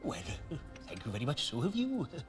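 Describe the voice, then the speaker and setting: A gentle, old-fashioned Welsh puppet storyteller, full of polite little fillers. The voice jumps around a lot in pitch. Clear music plays under the clip. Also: male voice, wildly swooping pitch, quick pace. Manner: polite, bumbling, with soft fillers.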